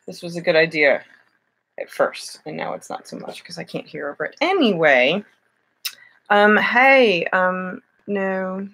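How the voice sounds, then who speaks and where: A woman's voice: fairly low pitch, lively intonation, unhurried, a bit bright, a little hiss or hum. A young woman chatting casually on a home live stream, self-deprecating, drifting in and out of a put-on British lilt. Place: home room at night.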